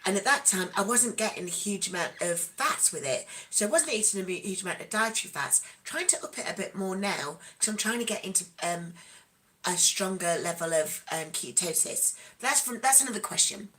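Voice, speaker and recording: A woman hosting a live question-and-answer stream, chatting in a rambling, animated way with many asides. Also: mid-range voice, brisk, rough recording. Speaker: stream host. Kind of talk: casual live Q&A chat.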